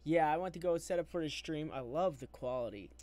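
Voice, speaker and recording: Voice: mid-range voice, brisk, a little mellow. A live streamer in a casual, agitated rant, upset and restarting often, talking through wired earbuds. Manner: agitated, ranting, with many restarts. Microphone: wired earbuds with mic.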